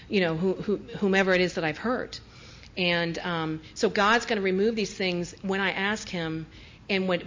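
A woman telling her own recovery story in an earnest, confessional way, often dropping soft as she recalls tender moments. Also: mid-range voice, highs cut off. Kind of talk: personal testimony.

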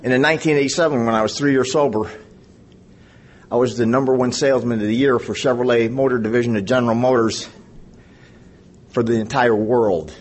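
A man's voice: medium pitch, fairly even intonation, fairly quick, long pauses, slight background noise. A man in his fifties sharing his story at a recovery meeting, a rambling storyteller who jokes with the audience. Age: 50s. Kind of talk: personal testimony to an audience.

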